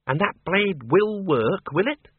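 A man voicing a blunt older countrywoman farmer who talks briskly and scornfully. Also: lowish voice, expressive, husky, no echo, pitched above the performer's own voice, full character voice. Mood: nosy. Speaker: narrator voicing a character. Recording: tinny radio broadcast.

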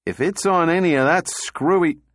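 Male reader doing a short-fused engineer, gruff and loud, dry close sound. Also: a little high, normal speed, no echo, pitched above the performer's own voice, lightly acted. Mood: angry. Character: hot-tempered male space engineer.

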